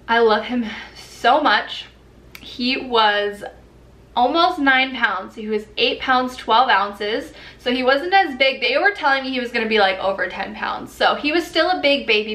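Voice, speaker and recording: A woman's voice: a little high, bright, forceful tone. A young woman vlogger telling a personal story in a candid, chatty way, with many fillers. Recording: echoey room.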